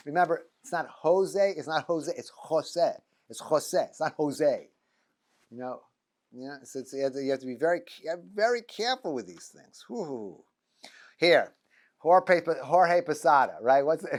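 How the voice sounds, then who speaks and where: A middle-aged rabbi gives an informal lecture to students in a classroom, joking loosely and full of restarts and stammers. His male voice is on the high side with a darkish tone.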